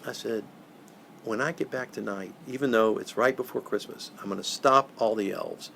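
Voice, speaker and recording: An older man, a professional Santa, telling a moving story in an interview, earnest and halting, often repeating words. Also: lowish voice, gravelly, bright, forceful tone, slight background noise.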